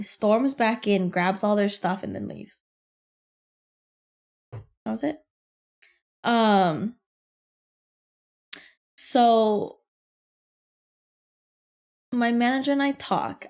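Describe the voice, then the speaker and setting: A young adult woman hosting a podcast, telling a workplace story in a casual, animated and profane way. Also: mid-range voice. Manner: animated, profane, laughs through her story. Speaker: podcast host.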